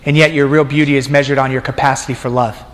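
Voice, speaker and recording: A man's voice: medium pitch, little pitch movement, quick pace. A man preaching a sermon casually, joking with the congregation and talking to them directly. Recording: long hall reverb.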